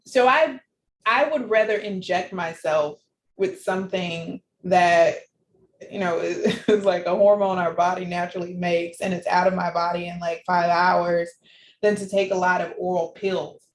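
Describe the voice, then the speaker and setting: A woman guest in an interview, telling her personal story in an animated way and laughing often. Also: lowish voice, moderate pace. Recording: echoey room with faint background noise.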